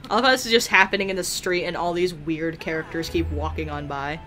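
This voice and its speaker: A woman commentating a life-simulation game she is playing, excitable, swearing freely and laughing often. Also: low-pitched, fast talker, faint music behind. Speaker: gaming video creator. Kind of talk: let's play commentary.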